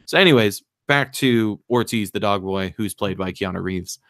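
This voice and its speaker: A man on a podcast excitedly retelling a movie plot, acting out the lines in raised voices and swearing freely. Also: fairly low pitch, moderate pace, no room sound, studio quality. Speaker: podcast co-host. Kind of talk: casual chat, retelling a movie.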